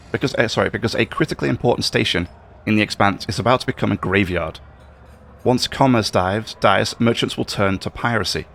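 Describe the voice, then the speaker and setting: A man's voice: fairly low pitch, vocal fry, slight background noise. A man reading a cold scheming conspirator. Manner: reads game dialogue aloud in a level tone. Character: scheming male station conspirator, cold and persuasive.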